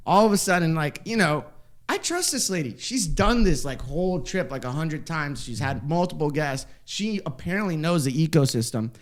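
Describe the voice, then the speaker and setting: A young man chatting casually on a podcast, telling an animated story and jumping into high voices to quote people. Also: moderate pace, hardly any pauses. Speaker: podcast guest.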